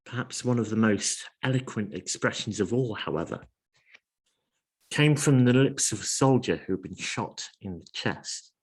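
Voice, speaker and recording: A man preaching a sermon in an earnest, measured way, asking his listeners question after question. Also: on the low side, animated, breathy edge.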